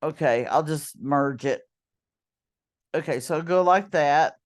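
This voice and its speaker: A woman's voice: low-pitched, takes it slowly. A woman teacher walking students through an online note-card tool, chatty and full of ums and self-corrections. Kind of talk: screen-recorded lesson walkthrough.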